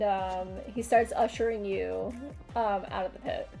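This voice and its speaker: A woman's voice: on the high side, fairly even intonation, moderate pace, dark tone. A young woman running a tabletop game as game master, casual and loose, with many fillers. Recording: faint music behind.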